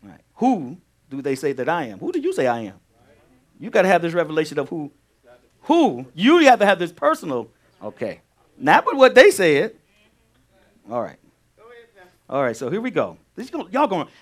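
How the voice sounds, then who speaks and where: Animated, high-voiced male pastor. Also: fairly quick, pauses often. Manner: animated, repeats phrases, asks the congregation questions. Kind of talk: sermon teaching.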